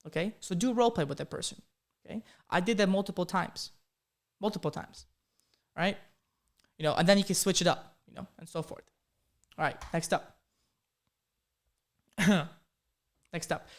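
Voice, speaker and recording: A man's voice: sits high, normal speed, pauses often. A man with a slight accent coaching viewers in a live training, upbeat and repetitive, often checking in with "okay?" and "right?". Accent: slight foreign accent. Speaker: coding career coach hosting a live training. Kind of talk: live-streamed motivational coaching talk.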